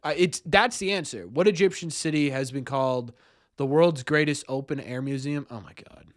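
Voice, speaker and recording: A young man on a live stream thinks aloud through a quiz and mocks himself whenever he gets an answer wrong. His voice is a little high and moderately paced, captured in a dry, studio-quality recording.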